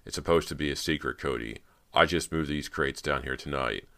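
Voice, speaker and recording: A man reading a smooth, menacing male film director in an audiobook, persuasive and eagerly excited by turns. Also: very deep voice, brisk.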